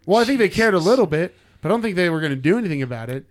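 A man's voice: sits high, very animated, racing, faint music behind. A man hosting a casual comedy podcast, reading out a news story with jokes and laughter. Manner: playful, laughing, reads quotes in a put-on accent.

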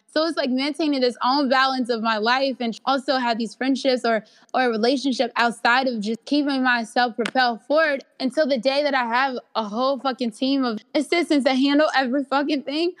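Young woman, higher voice, casual interview chat, candid, swears, acts out quotes. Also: steady tone, a little fast, few pauses. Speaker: guest actress.

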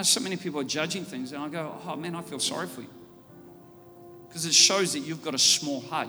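A man with an Australian accent preaches in a church hall. His voice is bright and forceful, pitched a bit high, and it carries a long reverb from the hall. Faint music plays underneath. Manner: storytelling, building to loud fervent preaching. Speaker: pastor. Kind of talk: sermon. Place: church auditorium.

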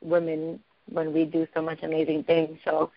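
Earnest woman guest, lower voice. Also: completely flat delivery, normal speed, dry recording. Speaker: guest, doula. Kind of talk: interview answers. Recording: dull, dry lo-fi sound.

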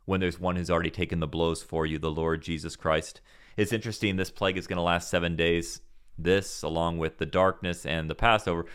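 A man's voice: sits low, a bit bright, clear, resonant tone. A man teaching a Bible passage on a podcast in an earnest, preaching manner, asking rhetorical questions and answering them.

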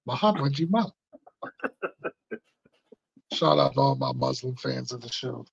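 A man's voice: medium pitch, lively intonation, takes it slowly, gravelly, husky, dull audio. A man hosting a podcast in a laid-back, joking casual chat. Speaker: podcast host.

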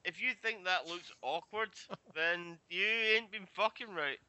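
Bright-voiced joking man. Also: sits high, a little slow, no echo, low-quality recording. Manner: laughing, joking banter. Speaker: podcast co-host. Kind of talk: casual group chat watching a film.

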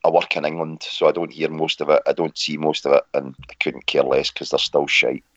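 A man with a very deep voice, stuffed up with a cold, trades blunt, sardonic remarks as podcast co-host. His remote line sounds dull and dry. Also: level tone, brisk, no echo. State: congested with a cold.

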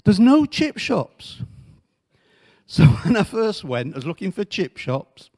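Guy preaching in church, high voice, slow and drawn out, keeps asking the crowd questions. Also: gravelly. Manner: animated, asks the congregation questions, joking asides. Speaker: missionary preacher. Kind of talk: sermon.

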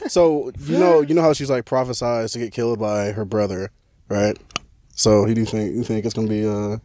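Lower-voiced man in laid-back chat. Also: steady tone, normal speed, mellow, no echo, studio quality. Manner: laid-back slangy banter with frequent swearing. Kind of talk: casual chat.

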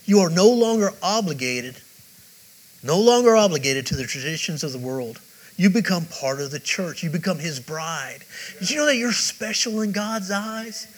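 A man's voice: sits high, animated, moderate pace, rough recording. A male pastor preaching a sermon with emphatic, repetitive phrasing and direct questions to the congregation.

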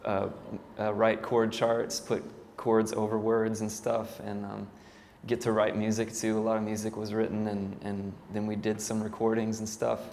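Worship pastor storytelling in a reverberant hall. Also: male voice, fairly low pitch, monotone, moderate pace, creaky, a little mellow. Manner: casual storytelling, self-deprecating, many fillers. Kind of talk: church talk. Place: church hall. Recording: hall reverb, faint ambient noise.

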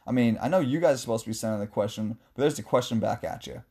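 A man hosting a casual sports talk show, answering a listener's question in a chatty, joking way with animated asides. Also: mid-range voice, fast talker, husky. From West Coast of the US.

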